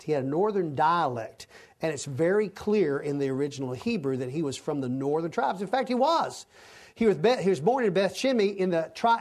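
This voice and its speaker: A man's voice: sits high, darkish tone. A man teaching a Bible study lecture in a conversational way, often restarting his sentences.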